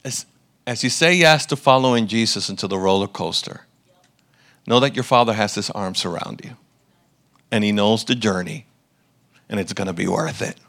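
A man's voice: on the low side, moderate pace, creaky, long pauses, fairly bright tone. A man preaching a sermon as a pastor, telling stories with self-deprecating humor.

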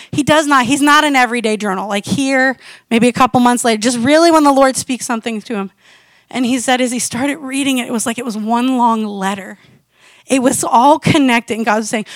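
A woman in her forties, a missionary telling her story in a lively, conversational testimony sermon. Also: a little high, no room sound. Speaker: missionary speaker.

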